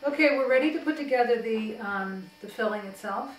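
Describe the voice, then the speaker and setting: A woman's voice: fairly high pitch, brisk, a little hiss or hum. A woman giving a chatty, homey cooking demonstration in her home kitchen. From Connecticut. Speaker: home cook. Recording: roomy kitchen echo, mic at a distance.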